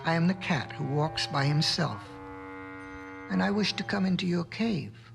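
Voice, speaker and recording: A man's voice: fairly high pitch, animated, unhurried, vocal fry, music in the background, heavily acted. A man voicing a sly, proud male cat who pleads and bargains, from a restored vinyl storybook record.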